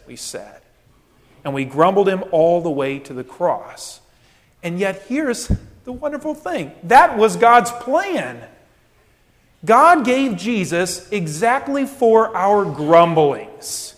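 A male pastor delivers a sermon in a high, light voice, taking his time over every phrase. He swings from loud, pointed quoted complaints to hushed, low asides. His voice rings out with a long reverb tail, as in a large church hall. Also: lively intonation, slow.

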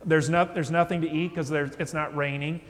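Guy preaching in a church, kinda high voice, lots of long echo, talks casual and keeps asking the pews stuff. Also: fairly even intonation, brisk. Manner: conversational, asks the congregation questions. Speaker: pastor. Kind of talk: sermon.

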